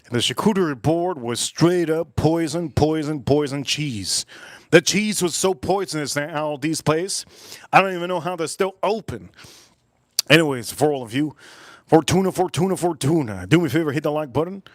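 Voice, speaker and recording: A man's voice: fairly high pitch, normal speed, dry recording, clean studio sound. A man hosting a casual cooking and whiskey livestream, rambling playfully and repeating catchphrases. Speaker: livestream host.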